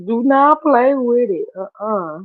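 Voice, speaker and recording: A woman vlogger chatting casually as she reacts to clips, expressive and quick to laugh. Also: fairly high pitch, no room sound. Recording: tinny, phone-like dry sound.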